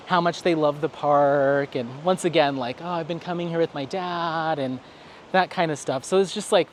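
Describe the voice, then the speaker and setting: A man's voice: fairly high pitch, slight background noise. Chatty man vlogging on a walk. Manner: rambling, chatty storytelling with acted quotes. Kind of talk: casual vlog on a stroll. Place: outdoors, walking.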